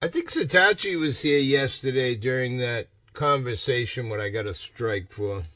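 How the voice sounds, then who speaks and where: A man's voice: medium pitch, normal speed, bright, forceful tone, no echo, studio quality, far from the mic. A man from Massachusetts chatting on a casual livestream, rambling and ranting with a lot of swearing. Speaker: livestream host.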